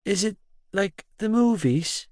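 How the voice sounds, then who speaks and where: A shy teenage girl in an audiobook, her voice pitched up and asking nervous, halting questions, as a male narrator puts her on. She speaks slowly, and the recording is close and dry. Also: lively intonation, no echo. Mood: nervous, curious. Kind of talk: audiobook dialogue.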